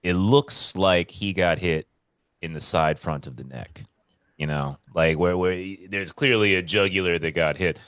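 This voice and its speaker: A man co-hosting a casual podcast, telling stories in an animated, profane way. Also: low voice, a little slow, no room sound, studio quality. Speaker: podcast co-host.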